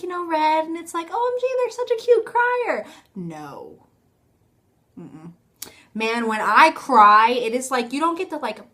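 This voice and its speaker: High-voiced chatty young woman vlogger. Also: sharp tone. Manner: chatty, self-mocking, lots of fillers. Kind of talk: casual rambling vlog monologue. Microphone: phone camera.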